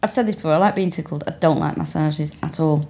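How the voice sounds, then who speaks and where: A woman's voice: low voice, quick pace, darkish tone, slight background noise. A woman, a comedian co-hosting a podcast, in casual chat, reacting with laughing enthusiasm.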